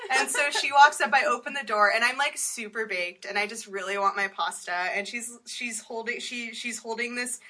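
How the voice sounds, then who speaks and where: A woman telling a funny story in casual chat, animated and laughing as she acts out what people said. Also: a little high, moderate pace, few pauses. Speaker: storyteller guest.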